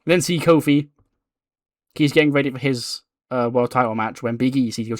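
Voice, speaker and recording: A man casually narrating a wrestling simulation playthrough, excitable and chatty, with many fillers. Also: mid-range voice, brisk, no room sound, clean studio sound. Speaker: game commentator.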